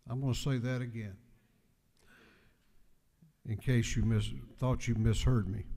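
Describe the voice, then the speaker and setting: A man giving a measured, deliberate floor speech as speaker of a legislative house. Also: medium pitch, warm tone. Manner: measured, deliberate oratory with emphatic repetition. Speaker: house speaker presenting a resolution. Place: large legislative chamber. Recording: long hall reverb in a chamber.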